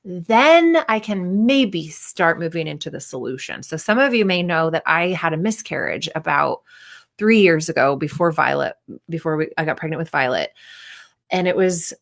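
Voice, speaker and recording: A woman's voice: sits low, animated, normal speed, vocal fry. A woman in her thirties, a performance coach, giving a candid, casual talk and acting out the voices of people she quotes.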